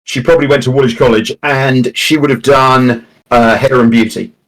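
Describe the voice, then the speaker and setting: Bloke at a game table, husky voice, lots of stops and starts. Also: male voice, medium pitch, fairly even intonation, moderate pace. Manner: self-deprecating, stammering restarts. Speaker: player. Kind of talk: casual chat.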